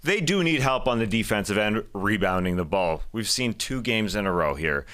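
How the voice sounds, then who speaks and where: Male co-host, low voice, bright, casual analysis. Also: animated, moderate pace. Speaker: podcast co-host. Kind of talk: sports analysis chat.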